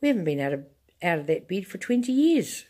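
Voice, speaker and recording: A woman's voice: sing-song, fairly quick, mellow. A woman voicing a fretful, wailing old grandmother in a storybook reading. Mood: indignant. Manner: shrill, wailing complaints.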